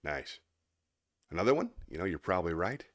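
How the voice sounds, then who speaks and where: A man's voice: low voice, big pitch swings, brisk, a bit bright. A man hosting a casual livestream, chatty and self-mocking, talking to an empty chat into a microphone. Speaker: host. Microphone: microphone close by.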